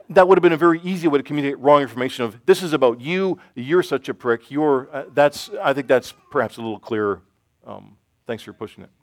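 A middle-aged man giving an informal church talk with audience questions, self-deprecating and halting, with many restarts. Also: mid-range voice, no echo. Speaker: church teacher. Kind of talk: informal sermon with Q&A.

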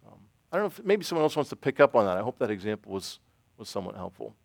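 A middle-aged man leads an informal church teaching and takes questions from the room. He talks in a halting, self-deprecating way and often restarts his sentences. His voice sounds close and dry, with no room echo. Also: lowish voice, big pitch swings, vocal fry, a little mellow. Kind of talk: informal sermon with Q&A.

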